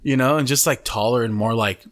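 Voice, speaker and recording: A man's voice: mid-range voice, fairly quick. Podcast host, man, casual storyteller: profane, slangy, laid-back mid-range voice. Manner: profane, slangy, keeps saying "bro".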